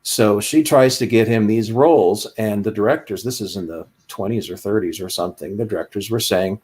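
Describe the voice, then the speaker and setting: A man in a casual podcast chat, telling stories with lively, animated delivery. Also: fairly low pitch, fairly quick, few pauses, husky. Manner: animated storyteller, slips into quoted voices.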